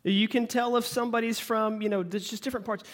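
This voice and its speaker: A man with a light Oklahoma accent preaches in a relaxed, folksy way, full of jokes and playful asides. His voice sits high for a man. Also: quick pace. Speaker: pastor. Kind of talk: sermon.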